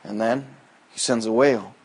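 A man preaching a sermon in a folksy, conversational way, quoting scripture and swinging from loud emphatic lines to hushed asides. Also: fairly low pitch, moderate pace, breathy edge. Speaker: pastor.

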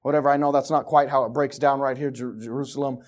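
A pastor preaching a sermon, moving from quiet, rambling talk with restarts to loud, urgent exhortation. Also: male voice, mid-range voice, fairly even intonation, fast. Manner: conversational, with repetitions and restarts.

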